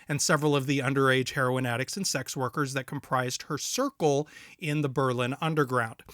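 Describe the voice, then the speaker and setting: Male podcast host, jokey and quick to laugh, bright tone, dry sound. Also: a little high, dry recording. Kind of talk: casual chat with read-out film notes.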